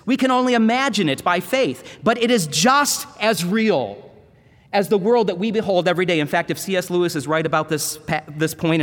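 A seminary professor preaches to a congregation, retelling a Bible story with dramatic, storytelling flair. His voice sits rather high for a man. The sound carries a long, ringing reverb from the church. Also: fairly bright tone. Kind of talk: sermon.

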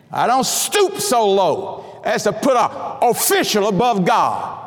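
In a hall with long reverb, a middle-aged man preaches a sermon built around his personal testimony. His high-pitched, sing-song voice is unhurried yet hardly pauses, swinging from hushed asides to shouted declarations as he often restarts his words.

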